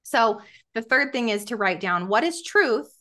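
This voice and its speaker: A woman guest on a podcast, teaching in an earnest, emphatic way, slowing down and stressing her words when she reads scripture. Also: on the high side, animated, bright, forceful tone. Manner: earnest, emphatic, says "right?" often. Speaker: podcast guest, Christian coach.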